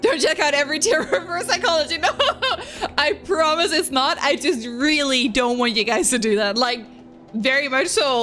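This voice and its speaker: Music plays as a woman streamer reads her chat at normal speed in a high, pushed, bright voice. She talks casually with viewers, giggles often between lines, and gushes her thanks to them.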